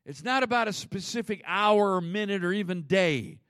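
A man preaching a sermon as pastor, conversational, with sudden swings between loud emphasis and hushed asides. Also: high-pitched, expressive, normal speed, dry recording, clean studio sound.

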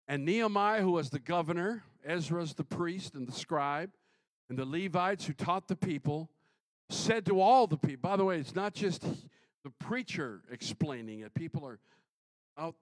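A middle-aged male pastor preaching a sermon, swinging from loud exclamations to quiet asides. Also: a little high, no echo.

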